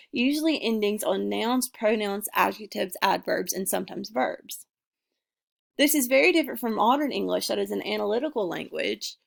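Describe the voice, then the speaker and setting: A young woman giving a class presentation, reading her points in an earnest, measured way. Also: mid-range voice, vocal fry. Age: young adult. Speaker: student presenter. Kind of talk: class presentation, read from notes.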